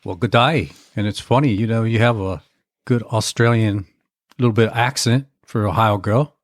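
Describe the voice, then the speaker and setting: A man's voice: lowish voice, moderate pace, no room sound, studio quality. A man co-hosting a podcast, telling stories in a rambling, agreeable way. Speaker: podcast co-host. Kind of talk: casual chat.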